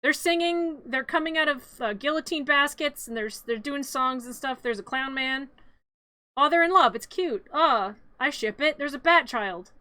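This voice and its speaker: Giggly woman streamer, high and bright voice, dry close mic. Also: normal speed, dry recording. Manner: giggly, rambling, jokey, with many restarts. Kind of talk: playful live-stream narration.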